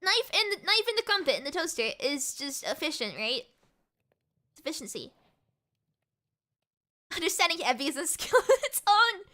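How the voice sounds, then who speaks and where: A young woman streaming and chatting with viewers, talking fast and giggling, with a mixed American and British accent. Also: extremely high pitch, very animated, bright, forceful tone. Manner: rapid, giggly, repeats words. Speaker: VTuber streamer. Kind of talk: casual live-stream chat with viewers.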